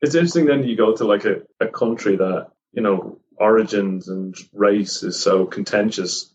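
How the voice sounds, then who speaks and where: A man's voice: on the low side, moderate pace. A man asking a thoughtful interview question, phrasing it hesitantly. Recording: distant, dull mic with faint noise.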